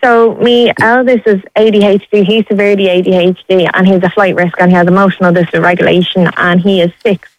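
A woman's voice: medium pitch, level tone, a little fast, no room sound, rough recording. Tearful Irish woman calling in. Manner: emotional, pleading, crying at times. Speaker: radio caller. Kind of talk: phone-in radio call.

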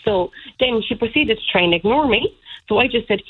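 A woman's voice: on the high side, brisk. A woman in her thirties, calling in to tell a personal story, indignant and rambling with many fillers. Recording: tinny phone line.

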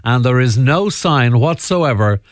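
Lively radio host. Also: male voice, medium pitch, measured pace, dry recording. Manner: chatty, lively, laughs at his own asides. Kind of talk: radio entertainment chat.

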